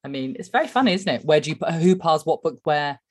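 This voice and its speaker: A woman's voice: low voice, lively intonation, fast talker. A woman, chatting as a podcast co-host in a dry, wry way. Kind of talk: casual chat.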